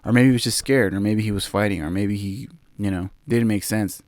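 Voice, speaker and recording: A young man hosts a podcast, recapping a film in a loose, excitable ramble packed with "like" and stray laughs. His voice sits a bit low. The recording is close and dry, with no room sound. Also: fairly quick, dry recording. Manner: rambling, animated retelling with many fillers and laughs. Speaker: podcast host. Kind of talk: casual movie recap.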